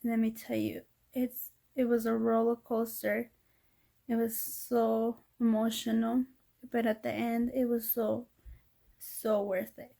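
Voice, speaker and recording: A woman's voice: a little high, little pitch movement, unhurried, vocal fry, warm tone. A woman telling a heartfelt personal story in a vlog, emotional and teary as she talks to her viewers. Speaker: vlogger.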